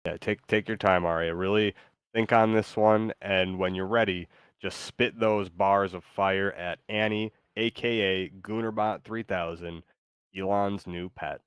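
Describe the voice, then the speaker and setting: A man's voice: low-pitched, steady tone, unhurried, clean tone, dry recording, studio quality. A man hosting a live stream, chatting casually with lots of fillers. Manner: rambling, many fillers. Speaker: streamer host.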